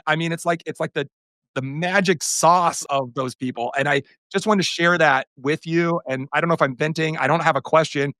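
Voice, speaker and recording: A man's voice: on the high side, moderate pace, no echo. A man co-hosting a podcast in casual conversation, telling a story with energy and acting out the quoted exchanges. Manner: animated storyteller who acts out quoted exchanges. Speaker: podcast co-host.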